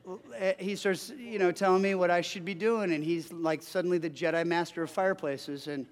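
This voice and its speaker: A man in his forties, a pastor preaching a sermon, telling a personal story in an animated way, often restarting his sentences. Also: high-pitched, a little fast. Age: 40s. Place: church sanctuary. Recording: long hall reverb.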